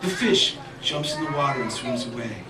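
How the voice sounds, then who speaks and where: A man telling a story live at a children's show, animated and playful, repeating refrains. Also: mid-range voice, normal speed, noisy background. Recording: echoey live room from far off, crowd and music.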